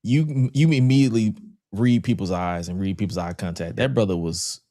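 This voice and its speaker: A man's voice: fairly low pitch, moderate pace, warm tone, dry recording. A man co-hosting a casual podcast, talking loosely with slang and lots of filler words. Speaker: podcast co-host.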